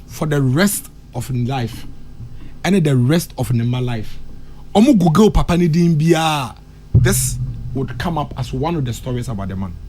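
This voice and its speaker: Switching between Twi and English and repeating phrases for emphasis, a Ghanaian-accented man comments fervently as a panelist on a morning radio talk show. His medium-pitched voice is warm and lively at normal speed, with a little hiss or hum.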